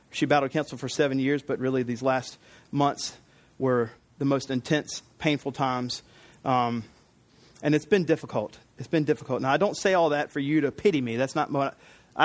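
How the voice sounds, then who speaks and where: A middle-aged man preaching a sermon to his congregation in an earnest, conversational way, repeating key phrases for emphasis. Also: on the high side. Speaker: pastor.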